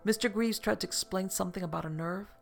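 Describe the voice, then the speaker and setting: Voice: medium pitch, quick pace, gravelly, soft background music, pitched above the performer's own voice, lightly acted. An anxious, grateful woman patient, as a narrator reads her. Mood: relieved.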